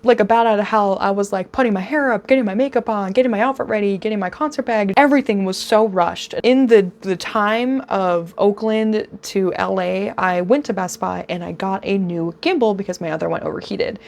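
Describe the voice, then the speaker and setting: A woman in her twenties telling a storytime vlog, gushing and excitable, speeding up in rapid bursts. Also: medium pitch, vocal fry. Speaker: vlogger.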